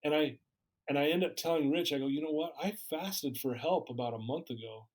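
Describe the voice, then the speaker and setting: A man's voice: a little high, a little fast, darkish tone. A man guest in an interview, candidly telling a personal story and acting out the dialogue he recalls. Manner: candid, acts out quoted dialogue.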